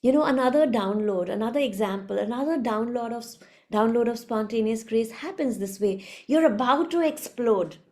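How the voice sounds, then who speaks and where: A woman giving a reflective spiritual talk as a teacher, soft-spoken and unhurried. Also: fairly high pitch.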